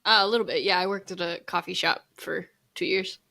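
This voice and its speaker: Bright-voiced woman, playful banter. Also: fairly low pitch, steady tone, a little fast, gravelly. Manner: playful, teasing interjections. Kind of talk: casual chat.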